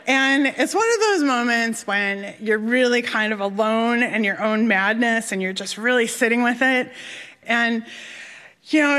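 Animated woman telling a story in a hall. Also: on the high side. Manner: animated, self-deprecating comic delivery. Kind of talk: live personal storytelling. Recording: reverberant hall.

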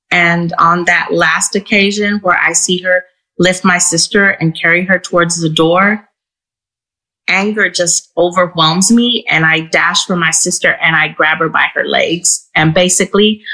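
Bright-voiced woman telling a personal story. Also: on the low side, low-quality recording. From Houston, Texas. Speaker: storyteller and guest. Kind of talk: first-person live storytelling.

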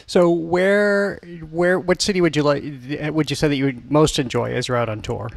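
Gravelly man hosting a radio show. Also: on the high side, moderate pace, a little hiss or hum. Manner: chatty, laughs often. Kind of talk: radio interview and show links.

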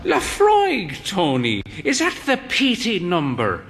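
A man's voice: sits high, wildly swooping pitch, takes it slowly, gravelly, a bit bright, pitched above the performer's own voice, heavily acted. Man voicing a genteel, arch old woman. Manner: drawling, arch, long-suffering. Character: elderly woman, genteel, theatrical, weary.

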